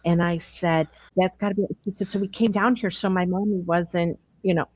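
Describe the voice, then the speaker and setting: Uma mulher convidada num podcast ao vivo, contando com sinceridade uma história e imitando os diálogos. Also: female voice, fairly low pitch, fairly even intonation, moderate pace, few pauses, darkish tone, no echo. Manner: earnest storyteller acting out quoted dialogue. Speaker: podcast guest. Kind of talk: live podcast Q&A, storytelling.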